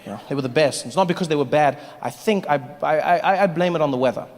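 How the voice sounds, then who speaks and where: A man from Africa doing stand-up comedy, animated and mocking as he builds to each punchline. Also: on the high side, fast. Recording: live hall with audience.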